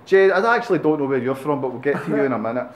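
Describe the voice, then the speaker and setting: A man's voice: mid-range voice, expressive. A man interviewing a band in a music club, joking and teasing in a casual, playful way. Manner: teasing, playful, quick with quips. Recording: roomy club with faint background hum.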